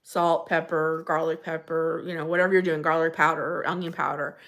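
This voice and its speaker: Bright-voiced chatty woman streamer. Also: low voice, little pitch movement, brisk. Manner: chatty and gushing, answers viewers by name, frequent laughs. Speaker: livestream host. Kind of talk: casual live-stream chat reading viewer comments.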